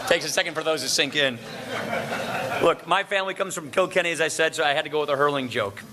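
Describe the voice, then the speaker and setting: A middle-aged man from Wisconsin giving a formal luncheon speech, and he pauses for laughs after his punchlines. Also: fairly high pitch, animated, sharp tone, a little hiss or hum. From Wisconsin, USA. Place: large banquet room. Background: audience laughter and room ambience.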